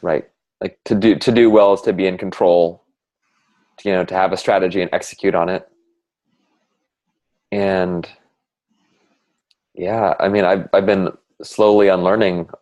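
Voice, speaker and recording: A man in a casual heartfelt conversation, speaking reflectively and haltingly with many fillers. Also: low voice, fairly even intonation, a little mellow. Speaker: conversation partner sharing reflections.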